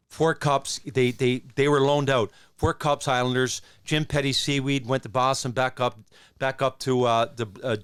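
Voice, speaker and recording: A man in his sixties from Newfoundland, a former hockey player who tells stories as a podcast guest in a rambling, animated way with many restarts. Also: mid-range voice, clear, resonant tone. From Newfoundland, Canada. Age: 60s. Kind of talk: casual storytelling.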